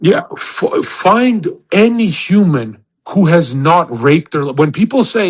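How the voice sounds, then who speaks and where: A man's voice: high voice, big pitch swings, takes it slowly, few pauses, a bit bright, slightly rough. A man hosting a live audio chat room, boasting and ranting crudely in a rambling way, with many restarts and acted-out quotes.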